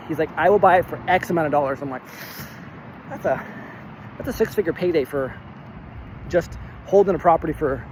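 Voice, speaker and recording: A man in a casual vlog, retelling a phone argument in an animated, exasperated way and acting out both sides of the dialogue. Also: on the high side, a little hiss or hum, rough recording. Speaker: real estate investor.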